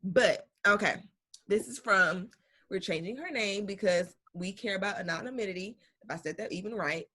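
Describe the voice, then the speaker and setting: A woman's voice: mid-range voice, normal speed, bright, forceful tone. A woman co-hosting a casual podcast, reading a listener's email aloud with slang, swearing and bursts of laughter. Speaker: podcast co-host.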